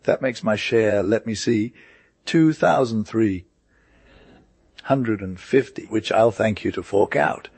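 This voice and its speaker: A man's voice: on the low side, slow, gravelly, a little mellow, husky, no room sound, heavily acted. A man voicing a rude, greedy male gambler who demands his share. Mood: scheming. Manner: blustering, demanding.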